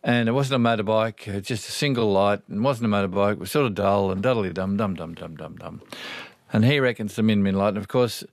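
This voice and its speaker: A man's voice: on the low side, fast talker, hardly any pauses, dry recording. A man with an Australian accent hosting a morning radio show from a small studio, chatting in a rambling, easygoing way. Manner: chatty, rambling, warm-hearted asides. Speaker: radio host. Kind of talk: casual radio chat.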